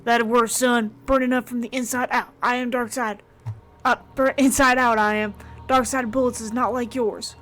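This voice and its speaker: Brief: woman playing a gruff, fatherly old man in a mystery game, wounded, keeps calling people son, speaks in clipped broken phrases. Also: on the high side, level tone, normal speed, a bit bright, voice pushed up, lightly acted. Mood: pained. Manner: calls everyone son, clipped odd grammar.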